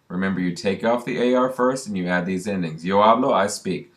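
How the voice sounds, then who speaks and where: A man's voice: low voice, a little fast, few pauses, a bit bright. A man, teaching a recorded lesson and patiently repeating drill words for learners. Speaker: Spanish teacher. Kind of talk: recorded classroom lesson narration.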